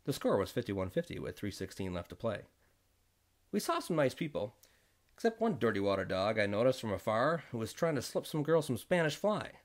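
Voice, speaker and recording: Animated man telling a jokey story. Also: medium pitch. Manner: jokey storytelling with quick voice switches. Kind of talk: comic first-person story read aloud.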